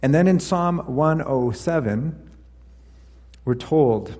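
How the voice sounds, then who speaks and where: A man's voice: on the high side, lively intonation, slow, long pauses, darkish tone, in a large hall. A man preaching a sermon, walking through scripture passages and reading verses aloud, sometimes correcting his own slips. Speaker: pastor.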